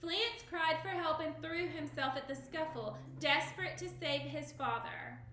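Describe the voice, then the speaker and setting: A woman teacher reading a story aloud to a class, expressive, stopping to ask questions. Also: high-pitched, unhurried, echoey room.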